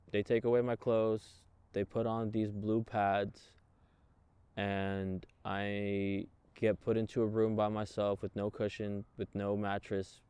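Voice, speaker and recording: A man, a guest in an interview, telling his own story in a raw, emotional way, swearing freely and halting often. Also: lowish voice, darkish tone, smooth, no room sound. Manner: halting, many fillers and restarts. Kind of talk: candid personal storytelling.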